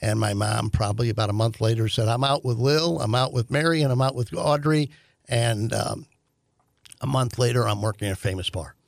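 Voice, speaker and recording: An older man recounts a family memory in a gravelly, fry-laden voice, pausing often on fillers and restarts. The sound is dry and close, with no room around him. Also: mid-range voice, no room sound. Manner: halting, many fillers and restarts. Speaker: guest, host's father. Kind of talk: conversational storytelling.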